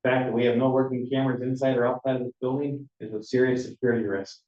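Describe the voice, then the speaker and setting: A man's voice: medium pitch, little pitch movement, fast, darkish tone. Man, board trustee, firm matter-of-fact delivery, roomy hall, tinny sound. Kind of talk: public meeting discussion. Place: village hall meeting room.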